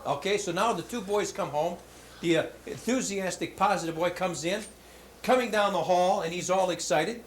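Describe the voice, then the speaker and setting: A man giving a motivational talk to schoolchildren, telling jokes in an animated, hammy storytelling manner in a school hall. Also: sits high, normal speed. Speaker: motivational speaker. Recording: roomy hall with faint background noise.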